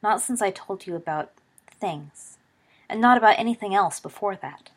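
A woman voicing a gentle teenage boy who speaks quietly and earnestly. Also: mid-range voice, animated, moderate pace, natural voice.

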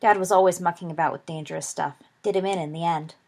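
A woman's voice: lowish voice, fairly even intonation, quick pace, darkish tone. A woman voicing a shy, awkward teenage schoolboy who mumbles hesitantly. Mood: subdued.

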